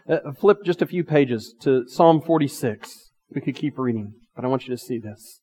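A pastor delivering a sermon, reading scripture slowly and shifting between loud emphatic lines and hushed asides. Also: male voice, mid-range voice, lively intonation, husky. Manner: reads scripture aloud slowly and earnestly. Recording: long reverb of a large hall.

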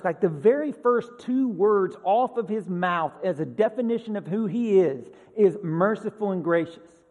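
A man preaching a sermon as pastor, earnest, swinging from loud emphasis to a hushed near-whisper. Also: high-pitched, expressive, normal speed. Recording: long hall reverb.

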